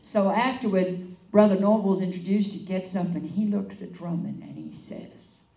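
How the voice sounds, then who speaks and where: A woman evangelist telling a story in a sermon, animated and laughing as she acts out the quotes. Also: mid-range voice, moderate pace. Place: meeting hall. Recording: echoey room, mic at a distance.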